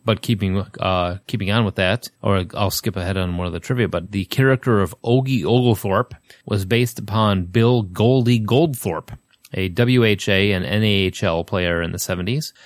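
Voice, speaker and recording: Low-voiced man reading movie trivia. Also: normal speed, dry recording, clean studio sound. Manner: reads trivia aloud, chatty, self-deprecating. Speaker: podcast host. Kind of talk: casual chat.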